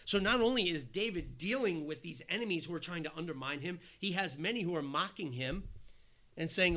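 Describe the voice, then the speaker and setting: Earnest guy preaching a sermon, pretty high voice, goes quiet then punchy. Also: expressive, fairly quick. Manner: earnest, acts out quoted voices, swings from soft to emphatic.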